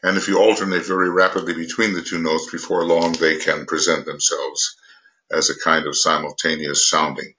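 An older man giving an unscripted spiritual lecture, halting with many pauses, fillers and restarts. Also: very deep voice, little pitch movement, pushed and bright, dull audio, a little hiss or hum. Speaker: esoteric teacher.

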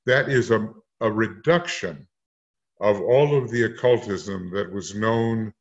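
Slow, halting man with low voice. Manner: slow, halting, many fillers. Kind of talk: casual esoteric discussion. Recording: muffled lo-fi sound.

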